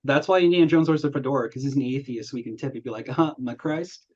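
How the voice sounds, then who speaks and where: A man's voice: mid-range voice, rapid-fire, husky. A young man hosting a film review chat, telling stories casually and acting out quoted voices. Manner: animated storytelling with quoted voices. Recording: dull lo-fi audio.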